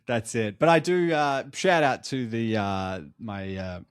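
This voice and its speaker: A man's voice: mid-range voice, unhurried, smooth, no echo. A young Australian man co-hosting a casual podcast, telling travel stories with plenty of swearing. He sounds worn out from the trip. The recording is dry and close, with no room sound. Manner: swearing, animated storytelling. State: tired after travel. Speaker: podcast co-host. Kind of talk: casual chat.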